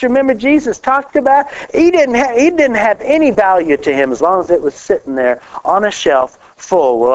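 High-pitched guy preaching, swoops up and down a lot, folksy and chatty, muffled recording. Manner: animated, folksy preaching with laughs and rising exclamations. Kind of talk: sermon. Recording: dull lo-fi recording.

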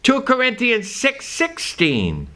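A man preaching a sermon to a congregation, reading scripture aloud and stressing key words in an emphatic, drawn-out delivery. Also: extremely high pitch, huge pitch swings, pushed and bright.

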